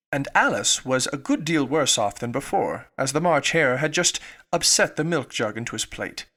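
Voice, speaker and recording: A man reading a children's classic aloud as an audiobook narrator, in calm storytelling. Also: mid-range voice. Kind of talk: scripted narration.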